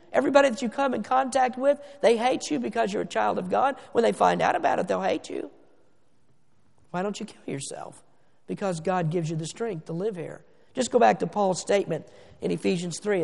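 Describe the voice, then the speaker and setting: A man preaching a sermon as pastor, emphatic, slowing down to stress words and swinging from loud to hushed. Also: high voice, gravelly. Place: church sanctuary. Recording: long reverb of a church hall.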